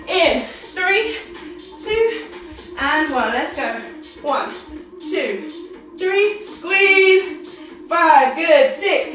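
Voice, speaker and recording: A young woman with a high, fairly bright voice leads a live workout, counting reps and cheering people on while out of breath from exercising. She sounds upbeat and encouraging as she calls out counts and cues. The room is very echoey and the mic sits far away.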